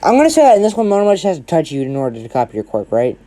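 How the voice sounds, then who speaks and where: A man's voice: a little high, huge pitch swings, rapid-fire, warm tone. A man narrating an improvised fan story in a rambling way, swearing and tagging lines with "right?". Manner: rambling, swears a lot, keeps saying "right?".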